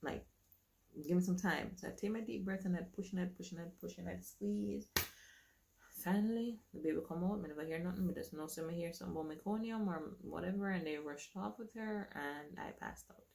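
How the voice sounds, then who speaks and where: A woman telling her own story to camera in a casual, animated way, acting out what others said to her. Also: on the low side, a little fast, creaky, a little hiss or hum.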